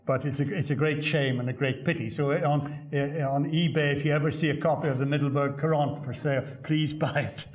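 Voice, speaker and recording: An older male professor delivers a keynote lecture in a hall, his voice sitting a little higher than most men's. He tells stories with dry humour and stumbles over small fillers and repeated words as he goes. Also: steady tone, fairly quick, hardly any pauses. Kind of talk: academic lecture with anecdotes.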